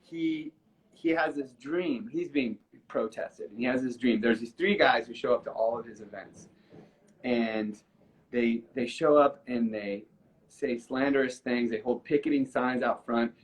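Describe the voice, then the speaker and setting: A man's voice: medium pitch, measured pace, poor audio. A man chatting on a live stream, telling a story earnestly and emotionally, with many restarts. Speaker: musician guest on a live stream. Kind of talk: casual storytelling chat.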